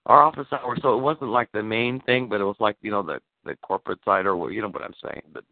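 Man, gravelly voice, casual phone chat, animated storyteller, cursing, dry tinny phone sound. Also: on the low side, fast, no room sound. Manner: animated storytelling, swearing, acting out quoted lines.

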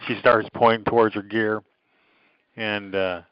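A man's voice: fairly low pitch, flat delivery, unhurried, muffled recording, background noise. A man in casual, crude podcast chat, telling rambling anecdotes full of profanity and quoted lines.

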